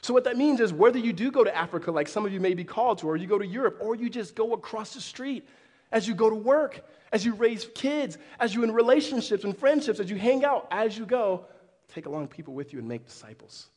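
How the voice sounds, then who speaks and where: A man preaching a sermon as pastor, animated, with frequent restarts. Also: high-pitched, a little fast. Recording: long hall reverb.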